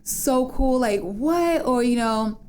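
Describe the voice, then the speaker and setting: Animated chatty woman, slightly high voice. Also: normal speed. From United States, Dominican parents. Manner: animated storyteller, acts out quoted voices, laughs often. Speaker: podcast guest. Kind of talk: casual interview chat.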